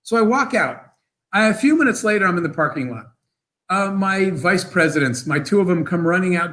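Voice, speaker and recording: High-voiced man telling lively stories. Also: low-quality recording. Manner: animated, fast storyteller with bursts of laughter. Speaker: guest entrepreneur. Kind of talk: motivational storytelling in an interview.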